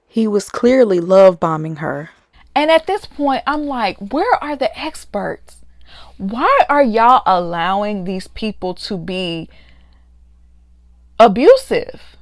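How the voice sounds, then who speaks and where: A woman, ranting in an exasperated and conversational way about a reality show. Her voice has a middling pitch and is recorded close and dry, with no room sound. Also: expressive, a little slow, dry recording. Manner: exasperated, quotes others in mocking voices. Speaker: YouTube reality TV reviewer. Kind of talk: casual recap rant.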